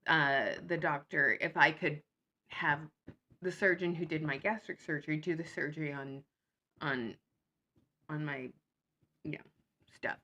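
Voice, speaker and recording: A woman talks straight to camera in a casual vlog, blunt and sarcastic. Her voice sits a little low yet sounds bright and forward. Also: steady tone, a little slow, pauses often. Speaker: vlogger. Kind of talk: casual chat.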